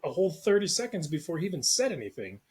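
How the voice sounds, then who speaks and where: A man's voice: a little high, sing-song, fast, over a noisy crowd. A man co-hosting a casual movie discussion podcast, joking and rambling with frequent laughs. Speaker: podcast co-host.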